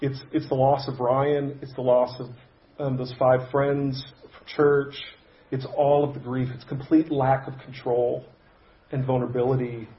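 A man pastor telling a personal story in a sermon, conversational and halting, with frequent restarts. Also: medium pitch, level tone, roomy sound, highs cut off. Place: church sanctuary.

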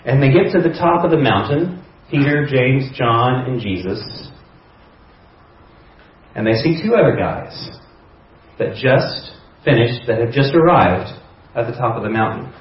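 A man's voice: mid-range voice, animated, a little slow, pauses often. A man preaching a sermon, retelling a story conversationally with imagined dialogue. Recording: echoey hall, distant mic, dull sound.

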